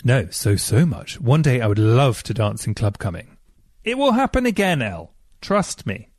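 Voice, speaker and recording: A man's voice: lowish voice, lively intonation, normal speed, darkish tone, breathy edge, dry recording. Man, chatty host, reads emails, dry close sound. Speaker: podcast host. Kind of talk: casual podcast chat.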